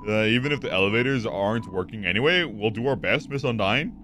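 Streamer doing a dopey monster guard voice, low and draggy. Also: male voice, lively intonation, fast, a bit bright, slight background noise. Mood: apologetic. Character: drawling male monster guard, dim and laid-back.

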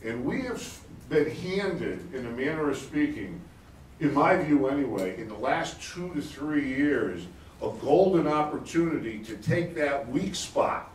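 Animated man giving a talk in a roomy hall. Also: fairly high pitch, a little hiss or hum. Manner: animated and excitable, laughing as he talks. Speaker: conference speaker, energy advocate. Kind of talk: live conference talk. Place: conference hall. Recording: roomy hall, distant mic, faint ambience.

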